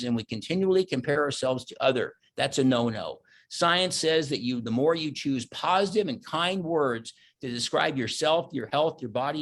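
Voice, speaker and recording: A middle-aged man giving a motivational keynote, telling personal stories earnestly and growing animated at the high points. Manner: earnest storytelling, animated when reliving moments. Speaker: keynote speaker.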